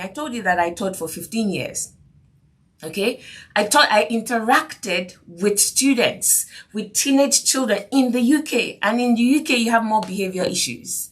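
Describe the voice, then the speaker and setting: A woman hosts a faith-based parenting podcast, earnest and repetitive, returning to key phrases and often asking, "do you see what I mean?" Her voice is on the high side, with lively intonation at a moderate pace.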